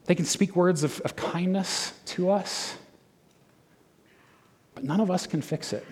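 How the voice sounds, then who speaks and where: A middle-aged man preaching a sermon in a conversational, animated way, with frequent fillers and restarts. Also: high voice, a little slow, breathy edge, big-room sound. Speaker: pastor.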